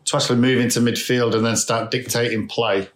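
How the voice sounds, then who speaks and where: A man's voice: medium pitch, flat delivery, a little fast. Enthusiastic man in a roomy echo. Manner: enthusiastic, repetitive, trailing restarts. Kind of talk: casual football chat.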